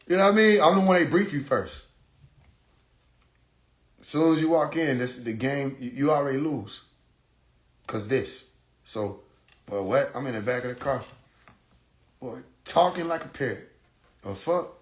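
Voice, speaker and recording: A man tells a story on a phone live stream, animated and full of swearing. He laughs often and breaks into siren sounds. The room around him is echoey. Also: medium pitch, moderate pace, pauses often. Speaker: livestream host.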